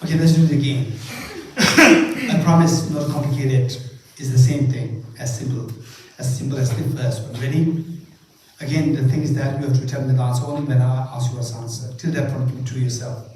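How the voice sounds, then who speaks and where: A man's voice: medium pitch, brisk. A man leading a Buddhist retreat session, teaching with live exercises, playfully quizzing his audience and laughing often. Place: large echoing monastery hall. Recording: echoey hall from far off with faint noise.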